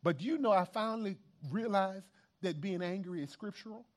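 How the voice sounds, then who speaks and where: Male pastor, high voice, animated church sermon with congregation asides. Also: brisk. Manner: animated, emphatic preaching with repetitions and asides to the congregation.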